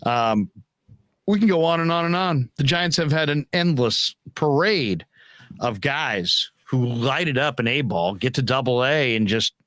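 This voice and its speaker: A man's voice: medium pitch, animated, unhurried, fairly bright tone, dry recording. A man hosting a baseball post-game talk show, giving opinionated analysis in a casual way. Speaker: sports talk show host.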